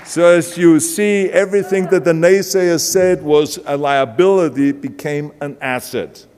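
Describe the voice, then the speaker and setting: A man's voice: a little high, measured pace, darkish tone, clear, resonant tone, a faint crowd. An older man from Austria with a heavy Austrian German accent, giving an emphatic motivational speech full of punchy anecdotes. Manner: emphatic storytelling, punchy lines. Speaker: keynote speaker. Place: large event hall. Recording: long hall reverb from a live stage.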